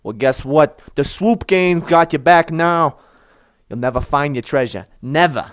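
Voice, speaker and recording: Man doing a cocky little stone bandit, mocking and boastful, tabletop game figure, higher and louder than his usual talk, dry close sound. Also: measured pace, no echo, dull audio, lightly acted. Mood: taunting. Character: tiny stone bandit statue come alive, male, brash and taunting.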